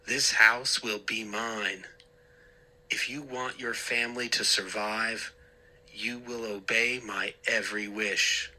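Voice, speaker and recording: A man voicing raspy evil dummy Slappy. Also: fairly low pitch, fairly even intonation, slow, bright, forceful tone, full character voice. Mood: menacing. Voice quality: hoarse, tinny rasp. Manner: menacing, threatening. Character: sinister male ventriloquist dummy, menacing and mocking.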